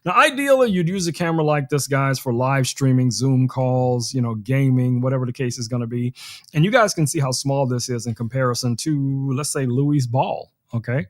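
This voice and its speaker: A man hosting a casual live tech stream, demoing gadgets with an animated, joking manner and talking straight to his viewers. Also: mid-range voice, normal speed. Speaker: tech livestream host.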